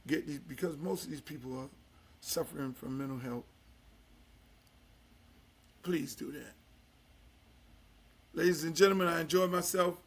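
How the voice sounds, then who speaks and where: Loud, bright-voiced older podcast host. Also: male voice, a little slow, long pauses, breathy edge. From Miami, United States. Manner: loud, emphatic and profane, dropping to low confessional asides. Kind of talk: casual profane talk-show monologue.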